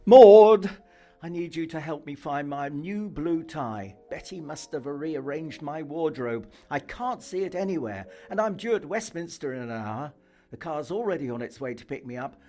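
A man voicing a flustered, hurried middle-aged father. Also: on the high side, animated, mellow, soft background music, close to an everyday voice.

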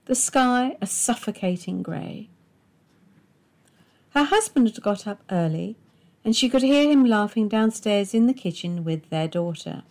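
A woman reading a dark domestic story aloud in measured, expressive audiobook narration. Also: medium pitch.

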